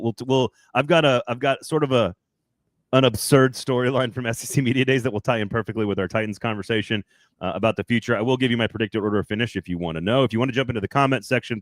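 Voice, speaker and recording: A male sports podcast host talks in a chatty, rambling way, doubling back and restarting his sentences. His middle-pitched voice sits close to a dry, close mic. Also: no echo. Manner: chatty, rambling, self-correcting. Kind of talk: casual sports talk.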